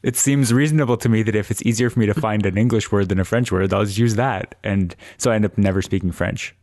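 A Canadian man in easy podcast conversation, dry and gently teasing. His voice is fairly low. The recording is close with no echo. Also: quick pace. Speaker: podcast co-host. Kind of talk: casual chat.

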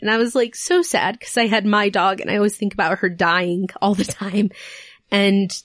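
A young woman guesting on a podcast, chatty and openly sentimental, often breaking into a laugh. Her voice sits at an ordinary pitch for a woman. The sound is close-miked and dry, with no room echo. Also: fairly even intonation, moderate pace. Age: young adult. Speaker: tattoo artist guest. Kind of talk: casual interview chat.

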